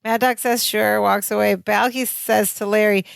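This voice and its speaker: A woman's voice: medium pitch, fairly even intonation, normal speed, gravelly. A woman co-hosting a podcast, chatting casually and animatedly as she recaps a sitcom episode and acts out the lines. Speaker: podcast co-host.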